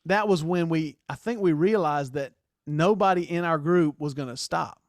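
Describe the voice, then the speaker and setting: A man's voice: a little high, moderate pace, dry recording, studio quality. A man in a casual podcast chat who talks in a reflective, rambling way, often asking "you know what I mean?".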